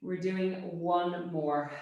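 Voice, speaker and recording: A woman instructor talks a class through a Pilates workout, her cues brisk and encouraging. She often checks in with a quick "yes?". The studio is very echoey. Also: fairly low pitch, fairly even intonation, lo-fi sound. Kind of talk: cueing an exercise class. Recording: very echoey room.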